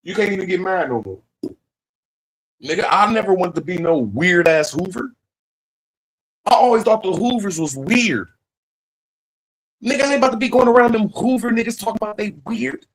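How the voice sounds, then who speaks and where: High-voiced man ranting on a stream. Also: lively intonation, moderate pace, pauses often, low-quality recording. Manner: profane, rambling, emphatic. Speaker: livestream host. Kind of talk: casual rant.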